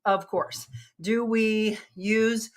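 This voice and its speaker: A woman's voice: mid-range voice, steady tone, extremely slow. A middle-aged woman leading a live workout lesson, upbeat and coaching, out of breath as she demonstrates the moves. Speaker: fitness instructor.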